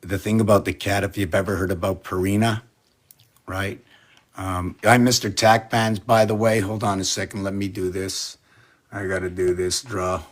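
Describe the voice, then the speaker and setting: A man's voice: deep voice, flat delivery, normal speed. A man in a casual vlog, rambling through an explanation and asking many rhetorical questions. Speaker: vlogger.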